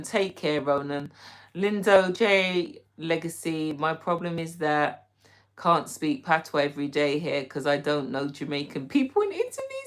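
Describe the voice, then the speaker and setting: A woman with a low, unhurried voice hosting a casual live stream. She reads viewer comments aloud and answers them chattily, teasing playfully and laughing easily. Her talk stays relaxed and conversational throughout. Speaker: livestream host.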